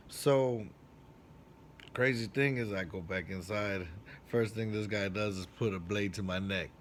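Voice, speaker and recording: A man who works as a barber, casually telling a personal story in street slang, with profanity and lively acted-out quotes. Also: measured pace, a little hiss or hum. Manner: animated, acts out quoted lines with big jumps in pitch and loudness.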